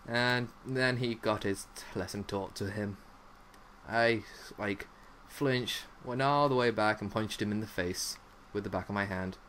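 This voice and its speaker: A man's voice: fairly low pitch, measured pace, fairly bright tone, a little hiss or hum. A young man giving rambling, silly live commentary while playing a zombie game, hopping from one odd topic to the next. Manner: rambling, silly, jumps between topics, lots of "like". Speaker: gaming commentator.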